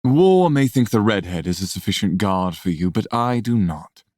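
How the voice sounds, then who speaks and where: A woman putting on a smug, menacing man's low drawl. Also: expressive, a little mellow, dry recording, clean studio sound. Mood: teasing. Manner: slow, low, teasing drawl. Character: smug, menacing man who speaks into minds.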